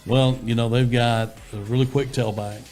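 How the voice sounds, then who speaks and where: A man, a head football coach answering interview questions in a steady, plainspoken way, full of fillers and restarts. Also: medium pitch, normal speed, soft background music.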